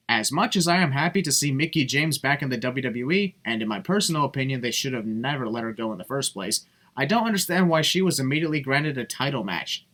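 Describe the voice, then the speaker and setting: Man, sarcastic voice-over, mocking, blunt, swearing, mid-pitched voice, music underneath. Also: bright, forceful tone. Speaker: video commentator.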